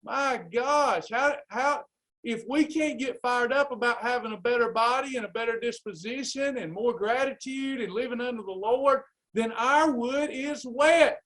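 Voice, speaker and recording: A man's voice: very high voice, normal speed, fairly bright tone. A man coaching a live weight loss class, urging listeners on in a fired-up, preacherly way. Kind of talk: live class pep talk.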